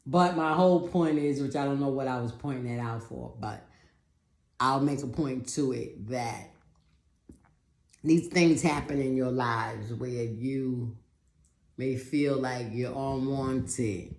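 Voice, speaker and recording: A woman telling a personal story in a talk, animated, acting out other people's voices and often repeating words. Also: very deep voice, takes it slowly, reverberant. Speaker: speaker giving a talk.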